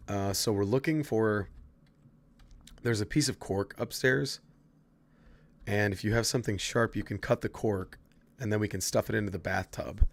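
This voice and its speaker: A man casually chatting to his viewers while playing a horror game, swearing freely and answering chat. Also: on the low side. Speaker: streamer. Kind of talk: casual gameplay commentary.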